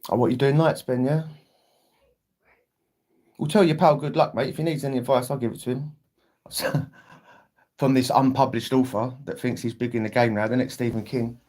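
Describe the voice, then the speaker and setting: A man's voice: medium pitch, steady tone, moderate pace, long pauses, darkish tone. A young British man chatting casually on a livestream, rambling and swearing freely, acting out family members' lines. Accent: British English. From England. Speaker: livestream host.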